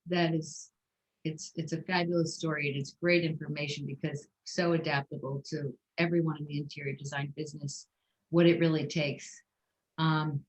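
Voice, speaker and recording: A woman hosting a book club interview over a video call, asking measured, prompting questions. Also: deep voice, roomy sound, low-quality recording.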